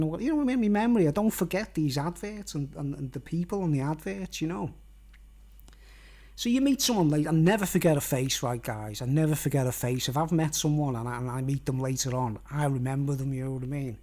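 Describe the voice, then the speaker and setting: A man's voice: on the high side, a little fast, darkish tone. A middle-aged man, talking to camera in a meandering monologue that keeps circling back with "you know what I mean". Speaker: vlogger.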